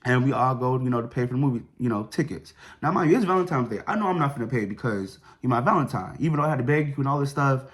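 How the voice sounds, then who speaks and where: Fast-talking young man telling a story. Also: animated. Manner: chatty, slangy, fillers like boom and whatever. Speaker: vlogger. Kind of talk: casual storytime.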